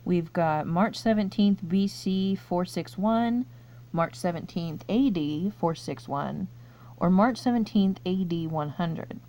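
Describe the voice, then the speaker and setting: A woman's voice: lowish voice, slow pace, mellow. A woman reading quiz questions aloud and thinking through her answers in casual, chatty commentary, laughing often. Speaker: YouTuber taking online quizzes.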